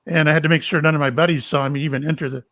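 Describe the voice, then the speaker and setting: An older man from Florida, a psychic medium and retired police officer, telling stories in a halting, rambling way with many fillers. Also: a little high, steady tone, a bit bright. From Florida, USA. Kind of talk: casual storytelling interview.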